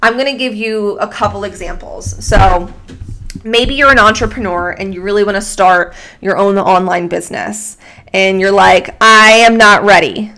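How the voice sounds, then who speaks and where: A woman hosting a solo motivational podcast, talking into a microphone with energetic, casual pep-talk delivery, swearing freely and slightly out of breath. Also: mid-range voice, normal speed. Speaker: podcast host and fitness coach. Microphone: studio microphone.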